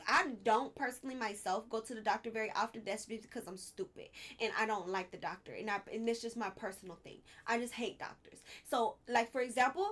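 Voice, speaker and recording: A woman's voice: on the high side, fairly bright tone. Heated, outspoken woman vlogger. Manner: candid and heated, swears, digresses into personal asides. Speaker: political commentary vlogger. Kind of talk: casual ranting commentary.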